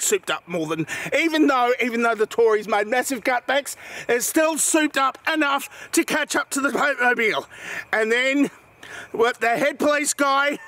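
A man's voice: very high voice, bright, forceful tone. A man telling a long comic joke story, rambling and correcting himself with tangents. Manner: rambling, self-correcting, tangents and put-on accents.

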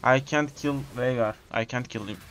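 A man, excitedly commenting on his own gameplay, repeating short exclamations in English. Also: mid-range voice, normal speed, creaky. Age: 20s. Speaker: gamer streamer.

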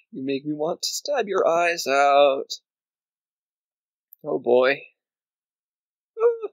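A man's voice: fairly high pitch, no room sound, rough recording. A man casually commenting on his own board game play, counting squares aloud and grumbling at his opponent. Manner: talks to himself, counts squares aloud, mock-angry grumbling. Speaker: gamer playing a board game video game.

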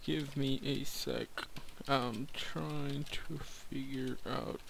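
A man's voice: mid-range voice, steady tone, extremely slow, vocal fry. A young man giving hyper, goofy commentary over his gameplay. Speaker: gamer. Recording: loud background noise.

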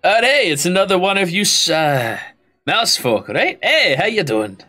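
A man's voice: sits high, big pitch swings, normal speed, bright, forceful tone, faint music behind, voice pushed up, heavily acted. A man voicing a lanky, laid-back male half-dwarf stable hand who chats easily. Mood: chatty. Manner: laid-back, drawling, chatty.

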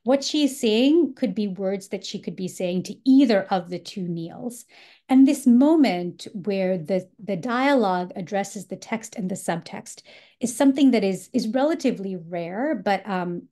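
A woman's voice: mid-range voice, animated, measured pace, dark tone. A woman leading a writing workshop, explaining literary passages in a thoughtful, explanatory way with frequent fillers such as "um" and "you know.".

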